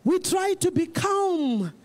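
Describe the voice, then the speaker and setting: A pastor preaching a sermon, emphatic and repetitive, rising to shouts. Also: very high-pitched, very animated, takes it slowly.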